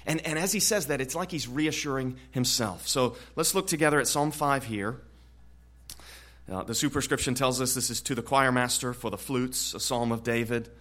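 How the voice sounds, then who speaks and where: A man preaching an expository sermon in an earnest way, often repeating words and growing louder on key points. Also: mid-range voice, moderate pace. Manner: earnest, frequent word repetitions, swells louder on key points.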